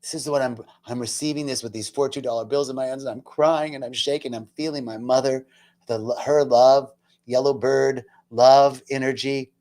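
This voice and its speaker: A man of middle pitch speaks with deep feeling, sliding from hushed, near-whispered passages to loud, fervent lines. He talks casually and chattily, breaking in with self-mocking asides. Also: fairly even intonation, normal speed. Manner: earnest and emotional, dropping to near-whispers then rising loud. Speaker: spiritual talk host. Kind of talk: personal spiritual storytelling talk.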